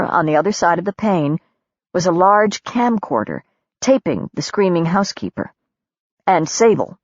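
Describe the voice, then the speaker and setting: A woman narrating an audiobook in a measured, steady storytelling voice. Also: fairly low pitch, no echo, highs cut off. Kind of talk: scripted narration.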